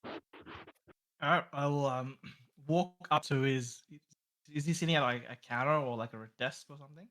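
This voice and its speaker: A man playing a tabletop game, describing his character's actions in a hesitant, halting way. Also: medium pitch, a bit bright, low-quality recording. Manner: hesitant, halting, many ums. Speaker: player. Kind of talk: casual chat, tabletop role-play.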